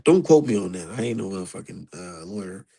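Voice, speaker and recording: Gravelly man riffing on a live stream. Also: low-pitched, quick pace, poor audio. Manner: profane, animated, talks to chat. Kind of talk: casual live-stream commentary.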